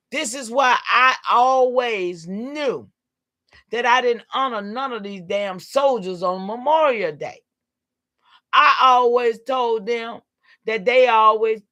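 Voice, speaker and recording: Woman, livestream host, preachy call-and-response, emphatic, occasional shouting. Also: on the high side. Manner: emphatic, repeatedly rallying listeners with "come on, y'all".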